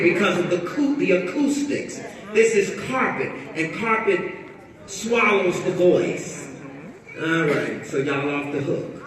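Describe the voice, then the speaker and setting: A woman's voice: lowish voice, expressive, measured pace, fairly bright tone. Sassy woman preaching to a crowd. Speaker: author at a book tour talk. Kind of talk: lively talk and Q&A with an audience. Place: carpeted event room with an audience. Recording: echoey hall, voice picked up from far off.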